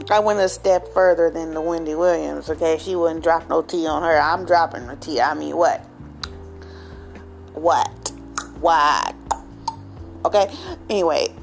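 Animated slangy woman vlogger. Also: low voice, normal speed, creaky, pauses often, faint music behind. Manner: animated, slangy, keeps asking okay. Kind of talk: casual direct-to-camera chat.

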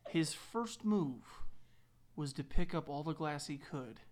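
Man, tour guide, relaxed storyteller who laughs a lot, slightly high voice. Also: slow. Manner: laughs often, relaxed, lots of restarts and quoted dialogue. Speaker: tour guide and van driver. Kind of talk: casual anecdote telling.

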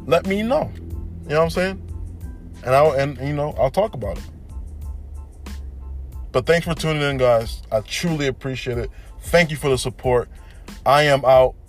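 A young man hosting a casual solo podcast, telling stories in an animated way and often saying "you know what I'm saying". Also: a little high, normal speed, long pauses, faint music behind. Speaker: podcast host.

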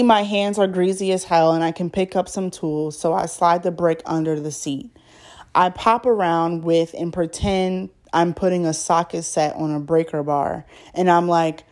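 A woman's voice: lowish voice, a little mellow. A woman reading out a story on her podcast in a casual, chatty way, stumbling over words and adding her own asides.

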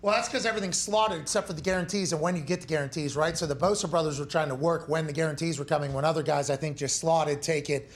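Talking fast with few pauses, this man in his thirties has a slightly high voice and a steady tone. Once a punter and now a sports talk show host, he spins heated, joking, curse-filled stories and drops into mocking impressions along the way.

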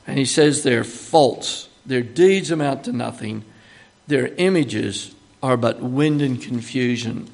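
An older man with an Australian accent, preaching a sermon in a chatty, joking way, with emphatic bursts when he quotes God. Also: mid-range voice. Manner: conversational, chatty teaching with asides and humor.

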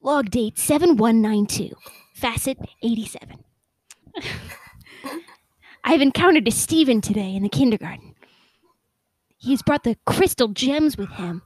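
A woman's voice: on the high side, lively intonation, a little slow, long pauses, a little mellow, dry recording. Peridot: a woman doing a prim cartoon gem alien. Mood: officious.

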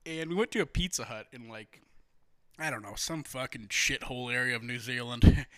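A man's voice: mid-range voice, normal speed, fairly bright tone, clean tone, no echo. A young American man hosting a podcast, rambling and joking with lots of swearing in casual chat. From United States. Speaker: podcast host.

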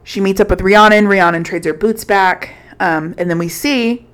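A woman's voice: mid-range voice, normal speed, clean tone. A woman co-hosting a podcast, telling a book recap in a casual, rambling way with plenty of swearing and filler words. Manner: profane, rambling storyteller with many fillers. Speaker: podcast co-host.

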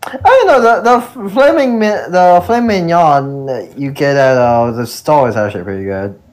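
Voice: mid-range voice, lively intonation, moderate pace. A podcast co-host in casual chat, reading out restaurant names one by one with lots of hesitation. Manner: reads out restaurant names, hesitant with many uhs.

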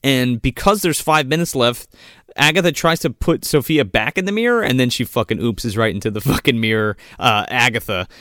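A man's voice: medium pitch, brisk, dry recording, clean studio sound. A man co-hosting a podcast, casually recapping a movie plot with lots of swearing and acted-out quotes. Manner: profane, animated, acts out quotes in voices. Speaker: podcast co-host.

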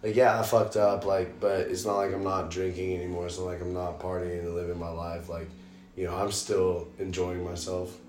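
A man's voice: deep voice, flat delivery, normal speed, a little mellow. A man hosting a podcast in a loose, profane, rambling casual chat. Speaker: podcast host. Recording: echoey room.

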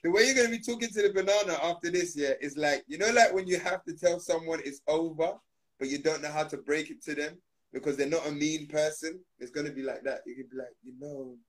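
Male guest, slightly raised pitch, joking and slangy, laughs a lot. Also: fast talker, low-quality recording. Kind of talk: playful casual interview chat.

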